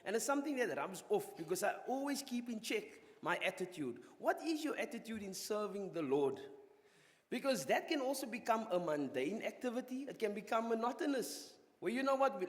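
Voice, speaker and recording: Animated preacher man in a reverberant church. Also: high-pitched, normal speed. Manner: animated, conversational preaching to a congregation. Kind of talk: sermon. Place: church hall.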